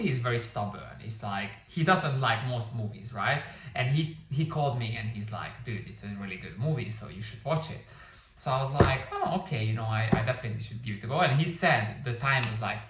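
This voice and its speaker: Here a Hungarian-native man of medium pitch and fairly bright tone talks loosely about a film, stumbling over fillers and starting sentences again. The mic is distant, and the echoey room leaves him somewhat off-mic.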